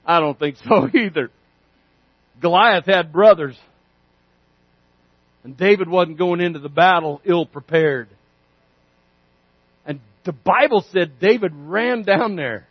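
A man preaching a sermon, telling a story with lively energy and acting out the characters' voices. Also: high voice, takes it slowly, long pauses, husky, no room sound, lo-fi sound. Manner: animated storytelling, acts out voices.

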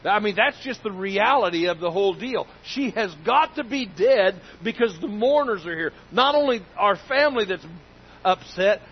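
Guy preaching with a highish voice, emphatic and folksy, keeps repeating lines, bit dull recording w faint rumble. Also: expressive, normal speed. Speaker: pastor. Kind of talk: sermon.

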